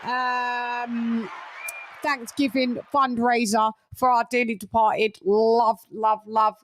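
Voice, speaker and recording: Woman boxing host, casual loud chat, lots of shout-outs and swearing, slightly high voice. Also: flat delivery, slow, slight background noise.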